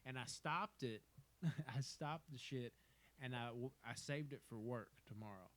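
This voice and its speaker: A man's voice: medium pitch, a little slow, fairly bright tone. A young man in casual podcast chat, telling stories animatedly, acting out quotes, laughing often and swearing freely. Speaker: podcast co-host.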